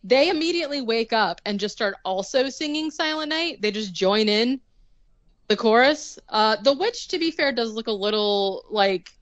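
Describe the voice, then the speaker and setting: A woman's voice: fairly high pitch, expressive, moderate pace, no echo, highs cut off. A young woman casually recapping a movie on a podcast, sarcastic and rambling, full of "like" and the odd swear word.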